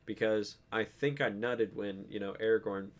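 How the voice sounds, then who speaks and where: A man's voice: lowish voice, moderate pace. A man co-hosting a podcast in laid-back casual chat, swearing a lot and using many fillers. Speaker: podcast co-host.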